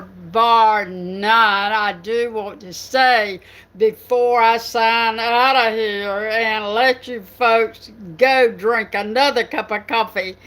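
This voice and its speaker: Older southern lady rambling on her writing live stream, lots of ums, slow and bright. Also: a little high. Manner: chatty, folksy, rambling with many fillers. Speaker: writing channel host. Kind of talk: casual live stream chat.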